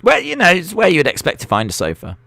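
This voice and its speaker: A man's voice: high-pitched, huge pitch swings, fast, vocal fry, bright, forceful tone, no room sound. A man hosting a live wrestling watch-along, chatty and jokey, reacting aloud as he goes. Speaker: live stream host.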